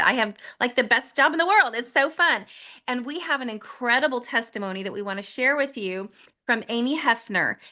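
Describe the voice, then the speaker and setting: A woman's voice: fairly high pitch, pushed and bright. A woman hosting a promotional team call, talking in an upbeat, persuasive and enthusiastic way. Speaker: host.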